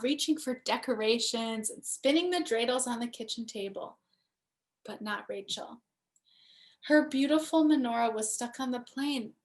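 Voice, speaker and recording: A woman, a cantor, gently and expressively reading a children's bedtime story aloud. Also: on the high side.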